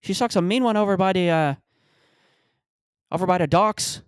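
A man's voice: high-pitched, normal speed, clear, resonant tone, no echo, studio quality, voice pushed up, lightly acted. Man putting on a brawling Irish pub tough. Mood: mocking. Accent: Irish (put on). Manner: belligerent, shouted taunts.

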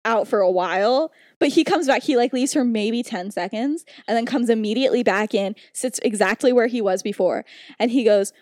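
A woman's voice: on the high side, moderate pace, darkish tone, no echo, studio quality. A young woman co-hosting a podcast, giggling as she retells a story in casual chat, full of "like". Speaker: podcast co-host.

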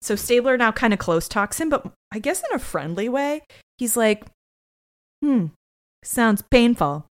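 A woman co-hosting a podcast, retelling a TV episode in a lively, joking way with quoted asides. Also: a little high, normal speed. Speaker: podcast co-host. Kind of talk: casual episode recap chat.

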